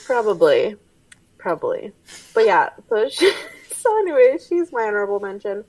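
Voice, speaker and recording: Lively chatty woman, slightly off-mic. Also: medium pitch, normal speed, recorded from a distance, poor audio. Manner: chatty, many "like"s, acts out movie lines. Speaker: podcast co-host. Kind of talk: casual film chat.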